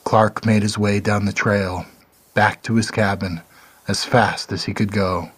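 A man narrating a dark story in a measured, somber reading. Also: fairly low pitch, fairly even intonation, husky.

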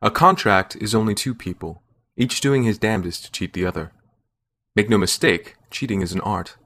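Low-voiced male story narrator. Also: a bit bright. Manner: measured first-person storytelling. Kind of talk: scripted narration.

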